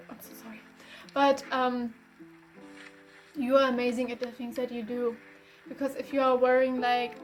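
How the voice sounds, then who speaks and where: Woman tarot reader, high-pitched, casual and rambling, faint instrumental music underneath. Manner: chatty, rambling, with many fillers and self-corrections.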